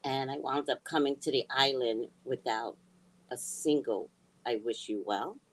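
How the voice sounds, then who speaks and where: A middle-aged woman telling a personal story in a blunt, heated way, swearing freely and swinging from hushed asides to near shouting. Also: extremely low pitch, a little slow, noisy background. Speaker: spiritual reader and vlogger. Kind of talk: casual storytelling rant.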